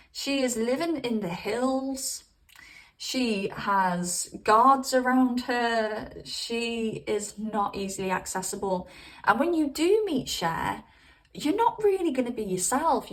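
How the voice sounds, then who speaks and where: A woman's voice: mid-range voice, expressive, unhurried, recorded from a distance, poor audio. A woman giving a casual tarot reading, chatty and rambling, cursing casually and calling her viewers babes. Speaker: tarot reader.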